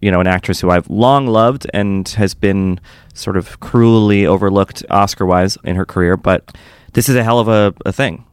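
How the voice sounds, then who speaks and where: A man's voice: fairly low pitch, normal speed, clear, resonant tone, no room sound. A man co-hosting a film podcast in casual, enthusiastic chat, full of fillers and restarts.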